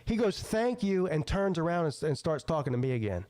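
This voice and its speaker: A man's voice: fairly high pitch, fast, crowd noise. A middle-aged man, hosting a casual podcast and telling a story with acted-out quotes and frequent laughter. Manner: animated storyteller, acts out quotes, laughs often. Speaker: podcast host.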